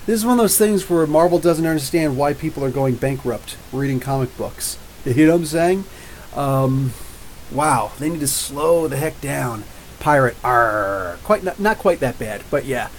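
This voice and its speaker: A man from New Jersey with drawn-out R's, hosting a live comics show. He rambles and jokes back at viewer comments in a slightly high voice. A faint hiss runs under the recording. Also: expressive, poor audio. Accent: New Jersey with drawn-out Ohio-style R's. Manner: rambling, jokey, talks back to chat. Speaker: podcast host.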